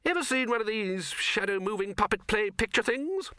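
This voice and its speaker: A man voicing a bluff, hearty older wizard who heads his college, talking in a high, blustering way. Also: animated, moderate pace, sharp tone, smooth, no room sound, clean studio sound.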